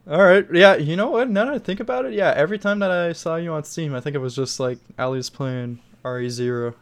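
A man co-hosting a casual gaming podcast, swearing freely, laughing often and getting excitable. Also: a little high, fairly quick. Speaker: podcast co-host.

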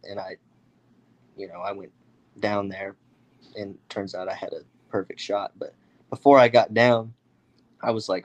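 A young man from the United States telling a story casually, animated, with many fillers and acted-out quotes. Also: lowish voice, unhurried, pauses often, dull audio. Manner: animated, acts out others' voices, many fillers. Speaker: guest storyteller.

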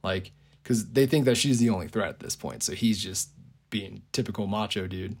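A man's voice: fairly low pitch, moderate pace, slightly rough. A man casually retelling a movie idea on a podcast, rambling with lots of "like" and frequent chuckles. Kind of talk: casual storytelling.

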